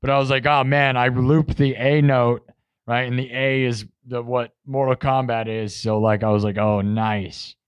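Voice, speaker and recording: A musician hosting a live music stream chats casually with viewers, coming across as boastful and defensive as he talks to the chat. His medium-pitched voice has little pitch movement and moves at normal speed; the tone is clean with no echo, though the sound is lo-fi.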